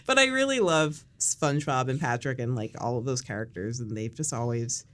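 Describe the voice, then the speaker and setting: Woman podcast host, low voice but really expressive, laughs a lot. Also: fairly quick, background noise. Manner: enthusiastic, laughs often. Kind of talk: casual chat.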